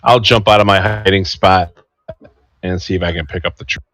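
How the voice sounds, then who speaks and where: Deep, deadpan man player. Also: a little fast. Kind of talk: tabletop game banter.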